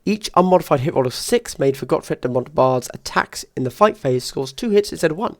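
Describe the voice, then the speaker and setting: A man casually reviewing tabletop wargame rules, thinking out loud and weighing options with quick asides. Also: a little high, expressive, no echo, studio quality.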